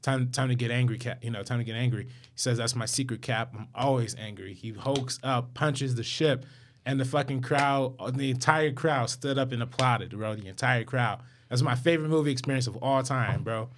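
Young male podcast co-host, casual, slangy and excited. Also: mid-range voice, moderate pace, slight background noise. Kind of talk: casual chat.

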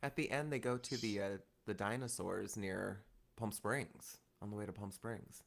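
A man co-hosting a podcast in casual chat, animated and quick with laughs and asides. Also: on the low side, creaky. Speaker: podcast co-host.

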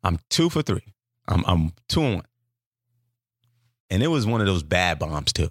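A man telling a profane story in a loose, animated way, jumping up in pitch to act out the people in it. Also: moderate pace, no room sound, studio quality. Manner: animated, profane, acts out quotes with big pitch jumps. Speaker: comedian telling a story as a podcast guest. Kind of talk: casual storytelling.

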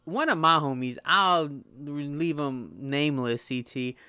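A man in his thirties from Southern California, hosting his own podcast in a casual monologue, talking fast, stumbling and stuttering, and swearing freely. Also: on the high side, sharp tone, smooth, no echo, clean studio sound. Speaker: podcast host.

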